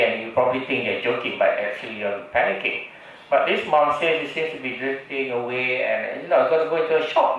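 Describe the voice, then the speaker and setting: A man with a Malaysian English accent, a doctor giving a public talk, chatty, often checking in with the audience with "right?" and "okay?". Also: a little high. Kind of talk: lecture to an audience. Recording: echoey hall, distant dull mic.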